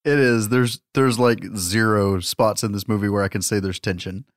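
A man co-hosting a podcast, chatting casually about films in a laid-back, measured way. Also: fairly low pitch, fairly even intonation, no room sound, studio quality. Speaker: podcast co-host. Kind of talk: casual movie chat.

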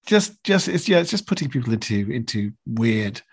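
An older man, chatting as a guest in a rambling, animated way. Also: medium pitch, normal speed, breathy edge. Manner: rambling, animated, slips into voices. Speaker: guest impressionist. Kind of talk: casual interview chat.

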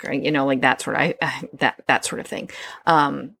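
A woman's voice: very deep voice, lively intonation, normal speed, creaky, fairly bright tone, dry recording, studio quality. A woman hosting a solo podcast, talking conversationally with fillers and restarts. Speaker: podcast host.

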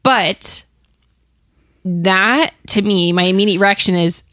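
A woman's voice: medium pitch, slow, fairly bright tone, no echo, clean studio sound. A woman co-hosting a casual podcast chat, talking loosely with lots of fillers and restarts. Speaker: podcast co-host.

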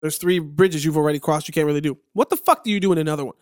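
A man co-hosting a casual podcast chat, animated and swearing, often exasperated with his co-host. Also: a little high, very fast, no echo, studio quality.

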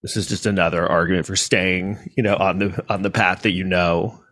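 A man's voice: low voice, steady tone, a little fast, fairly bright tone. A man from New York City telling a personal story in a casual monologue, rambling with restarts and asides.

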